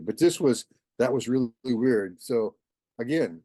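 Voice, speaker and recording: Man telling a story, lively, acts out the voices; mellow tone, dry sound. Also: medium pitch, normal speed, no room sound. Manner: animated, acts out quoted voices. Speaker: guest. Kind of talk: casual storytelling.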